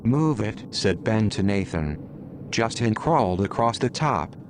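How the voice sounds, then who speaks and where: Male narrator for a homemade audio story; low, slow, plain delivery. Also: noisy background. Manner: plain, steady storybook reading. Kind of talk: reading his own story as an audio drama.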